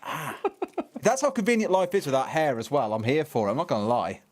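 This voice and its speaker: A young man casting an esports match, joking about himself before previewing the game briskly. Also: fairly high pitch, sing-song. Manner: jokey, self-mocking, then brisk match preview. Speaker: esports caster. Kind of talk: play-by-play casting banter.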